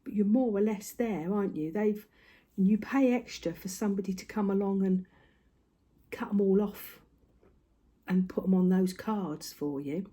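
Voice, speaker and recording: A woman's voice: mid-range voice, normal speed, mellow, husky. Chatty breathless older woman. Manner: chatty, rambling, asks tag questions. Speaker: craft vlogger. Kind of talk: casual chat to camera. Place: home room.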